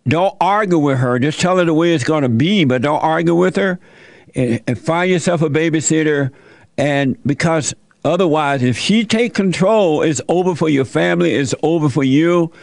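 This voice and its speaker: Brief: male call-in host, gravelly and a bit high, preachy folksy advice, dry close mic. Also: no echo. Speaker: talk show host giving advice to callers.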